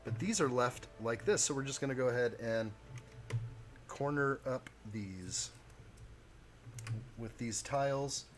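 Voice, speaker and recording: A man's voice: mid-range voice, unhurried, long pauses. A man hosting a live stream, chatting casually with viewers while he builds a model kit.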